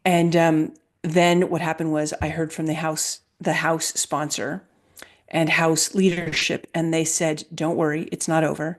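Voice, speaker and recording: A woman with a fairly low voice tells a story in conversation, emphatic and vivid. She acts out quoted dialogue as she goes. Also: level tone, a little slow. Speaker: guest, health freedom advocate.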